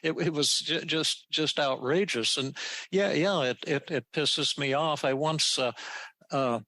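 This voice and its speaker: An older man hosting a podcast tells a story in a casual, halting way. He restarts often and repeats words as he goes. His voice sounds bright and forward, and the recording is close and dry with no room echo. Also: a little high. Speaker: podcast host answering listener questions.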